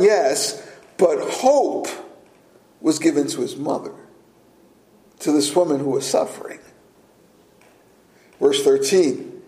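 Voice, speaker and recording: A man preaching a sermon as pastor, speaking deliberately and pausing for emphasis. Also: a little high, mellow. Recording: echoey room.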